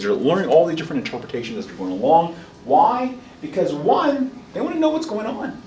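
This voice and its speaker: A man lecturing a college class in a lively, animated way, acting out parents and children in quick asides. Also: high voice, a little hiss or hum. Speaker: college instructor. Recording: roomy classroom heard from a distance.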